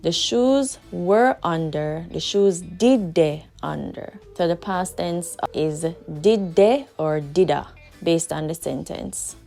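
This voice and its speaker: A woman with a Jamaican accent teaching a language lesson, patiently repeating each example sentence slowly. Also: deep voice, dark tone.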